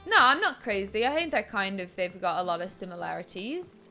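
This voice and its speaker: A woman's voice: mid-range voice, big pitch swings, a little fast, pushed and bright, soft background music. A woman streaming a video game, chatting casually, laughing often and swearing as she reacts. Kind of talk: casual gaming commentary.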